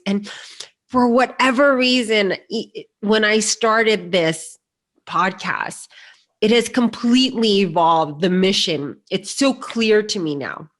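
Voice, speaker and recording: A woman's voice: mid-range voice, a bit bright. A woman hosting a podcast, speaking earnestly and directly to her guest and her audience. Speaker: podcast host. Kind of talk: casual interview chat.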